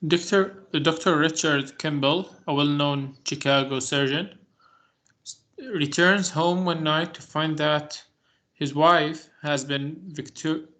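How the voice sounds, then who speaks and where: Male student, bright, somewhat high voice, reads aloud haltingly. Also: fairly even intonation. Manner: halting, careful reading. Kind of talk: reading aloud in class. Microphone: video call.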